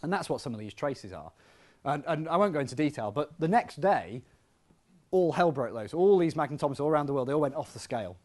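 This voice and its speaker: A physics professor gives a public science lecture in a hall, lively and conversational with self-deprecating asides. His voice is a little high and fast.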